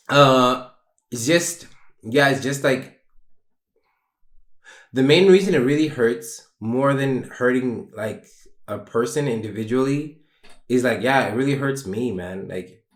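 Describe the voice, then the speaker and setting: A man's voice: lowish voice, animated, takes it slowly, pauses often. A young man hosting a solo podcast, talking in a rambling, emotional, candid way and swearing casually. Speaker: podcast host. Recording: roomy echo.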